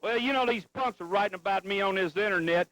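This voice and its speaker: A man's voice: high voice, fast talker, fairly bright tone, rough recording. A man doing wrestling color commentary with blustery, insulting banter.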